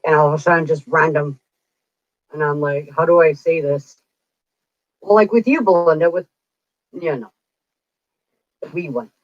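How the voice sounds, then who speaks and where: A psychic streamer, a woman in her forties, speaks in a low voice at a moderate pace with long pauses. She tells casual stories in a chatty, rambling way, acting out what people said, over dry, dull lo-fi audio with no echo.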